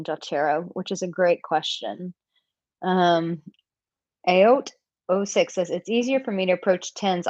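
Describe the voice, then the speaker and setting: A woman's voice: fairly low pitch, no echo, lo-fi sound. A woman dating coach answering viewer questions in a live Q&A, candid and chatty, acting out example lines.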